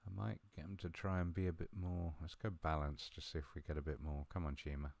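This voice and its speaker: A man talking through a football management game he is playing, chatty and a little mumbling, with sudden bursts of excitement. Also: very deep voice, fast talker, gravelly, no room sound. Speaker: gaming video host. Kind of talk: live game commentary.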